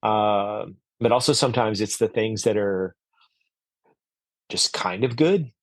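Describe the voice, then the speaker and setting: A man's voice: on the low side, slow pace, no echo. A man speaking as a podcast guest, earnest and reflective, with frequent fillers and restarts. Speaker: podcast guest, orchard owner. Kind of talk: conversational interview.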